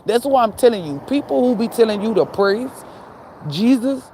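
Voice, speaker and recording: A woman's voice: fairly high pitch, animated, moderate pace, mellow. A woman delivering a fiery spiritual rant to her viewers, her voice swinging widely up and down as she drives each point home. She swears freely and keeps firing rhetorical questions at them. A faint hum of noise sits behind her. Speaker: spiritual channel host. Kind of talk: profane spiritual rant to camera.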